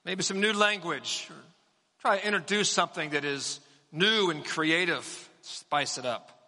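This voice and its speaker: A pastor in his forties delivering a sermon in measured, emphatic phrases, with repetition for weight. He speaks from a church sanctuary. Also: fairly high pitch, sharp tone, in a large hall.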